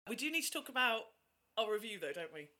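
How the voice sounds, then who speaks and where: A woman's voice: a little high, sing-song, quick pace, bright, forceful tone. A woman with a posh-sounding English accent co-hosting a podcast, wry and self-mocking in casual chat. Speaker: podcast co-host.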